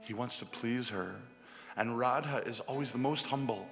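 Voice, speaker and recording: Creaky-voiced man telling a devotional story. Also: mid-range voice, moderate pace. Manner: animated, casual retelling with fillers. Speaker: spiritual storyteller. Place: festival hall. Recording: long hall reverb, faint music.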